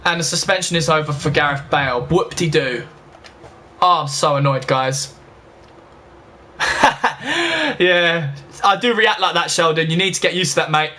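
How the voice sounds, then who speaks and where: Young gaming host, high and bright, talks to viewers like mates, short-fused. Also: male voice. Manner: chatty, talks straight to viewers, quick to get annoyed. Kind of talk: casual let's-play commentary.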